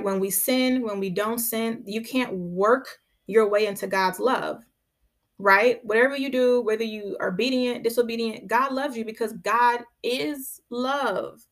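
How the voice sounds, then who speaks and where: On her podcast, a woman with a mid-range, fairly bright voice teaches the Bible in a conversational style. She is emphatic, repeats her key phrases to drive points home and often checks in with "right?"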